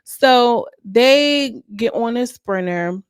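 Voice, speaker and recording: Woman reviewer, young, gossipy and slangy, gravelly edge, dry close sound. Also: a little high, extremely slow, no room sound. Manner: animated, slangy, acts out quoted lines. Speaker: reality show reviewer. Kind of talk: casual gossipy recap.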